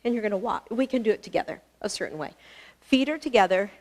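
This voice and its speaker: A woman's voice: medium pitch, lively intonation, quick pace, a little mellow. A woman teaching a live online yoga class, chatty and encouraging, laughing often and a little out of breath. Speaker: yoga instructor. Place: fitness studio.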